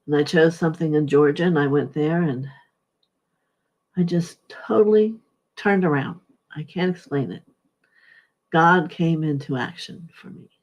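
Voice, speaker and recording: A middle-aged woman speaking as a spiritual speaker, sharing a personal testimony in a halting, heartfelt, soft-spoken way. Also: low voice, low-quality recording.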